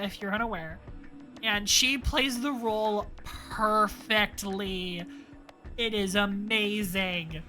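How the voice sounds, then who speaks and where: A young woman streamer giving emotional let's play commentary, moving between loud wails and low murmurs, swearing freely. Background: lofi music.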